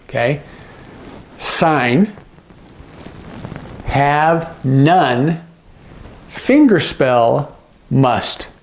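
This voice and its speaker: A man's voice: on the high side, a little hiss or hum. A man teaching sign language phrases, patiently repeating each phrase and often checking in with the viewer. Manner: repeats phrases slowly, gloss by gloss. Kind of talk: instructional explanation.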